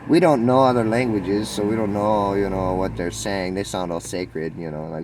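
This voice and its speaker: Deep-voiced man musing aloud. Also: fairly even intonation, normal speed, hardly any pauses, background noise. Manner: meandering, musing, soft-spoken with sudden lifts. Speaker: spiritual vlogger. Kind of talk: rambling spontaneous monologue.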